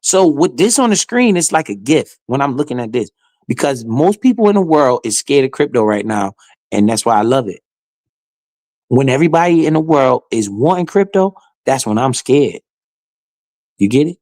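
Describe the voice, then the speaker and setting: A man's voice: medium pitch, sing-song, moderate pace, a little mellow, no echo. A man streaming live, giving casual, slangy commentary with swearing and often speaking straight to his chat.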